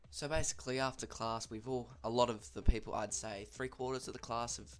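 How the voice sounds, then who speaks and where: A man's voice: mid-range voice, steady tone, a little fast, fairly bright tone, soft background music. A young man with an Australian accent casually telling a school story, chatty and swearing freely.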